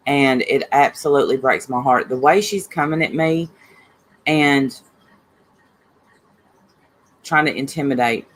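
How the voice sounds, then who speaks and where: A woman with a low voice hosts a casual livestream, reading chat and greeting viewers by name while talking bluntly and heatedly about online drama. The recording is rough with slight background noise.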